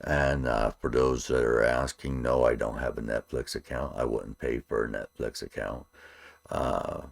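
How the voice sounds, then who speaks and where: A man's voice: very deep voice, steady tone, a little slow, creaky. A man co-hosting a podcast, speaking bluntly in casual chat, retelling scenes and answering with short agreeing replies. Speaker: podcast co-host.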